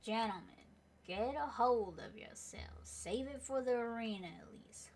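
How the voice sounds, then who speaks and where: Casting: woman playing a snooty career-minded girl student, dismissive, slightly higher pitch, game read-through. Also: unhurried, husky. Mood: aloof. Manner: dismissive, aloof. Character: haughty ambitious young woman student. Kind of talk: reading a game aloud in voices.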